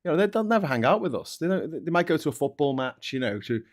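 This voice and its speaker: A man's voice: on the high side, big pitch swings, fast talker. A man from Liverpool with a Scouse accent, a guest on a live chat stream, ranting passionately with jokey asides. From Liverpool, England.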